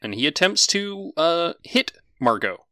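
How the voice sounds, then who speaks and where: A man narrating a tabletop game as game master. His voice is bright and animated, with a lively rise and fall, and it sounds close and dry on a home mic. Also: fairly high pitch, a little slow, no echo. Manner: lively, casual, swears freely.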